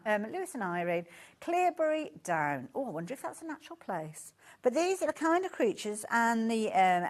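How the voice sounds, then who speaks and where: In a mid-range voice with a Birmingham accent, a woman presents fabric on a live shopping show from a studio. She chats and gushes, easily getting sidetracked.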